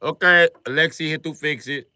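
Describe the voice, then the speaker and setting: A man voicing a brash Russian junkyard worker with a put-on Russian accent, talking gruffly in clipped, broken phrases. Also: fairly high pitch, normal speed, sharp tone, no room sound, clean studio sound, voice pushed up. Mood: blunt.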